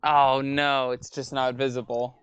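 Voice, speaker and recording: A man's voice: medium pitch, flat delivery, unhurried, a bit bright, clean tone, no echo, highs cut off. A man streaming a card game, chatting casually with joking, mumbling asides. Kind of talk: casual chat while playing a card game.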